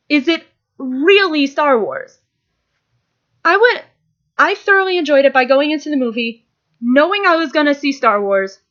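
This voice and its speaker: High-voiced young woman rambling through a review. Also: fairly bright tone, lo-fi sound. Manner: rambling, restarts often, enthusiastic. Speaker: movie reviewer. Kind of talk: casual spoken film review.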